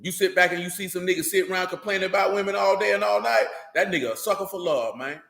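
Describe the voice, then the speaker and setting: A man preaching in a loose, streetwise way, blunt, emphatic and full of slang. His voice sits high and bright. It rings out in a roomy, echoing space. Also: fast, vocal fry. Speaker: religious teacher. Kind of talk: informal streetwise sermon.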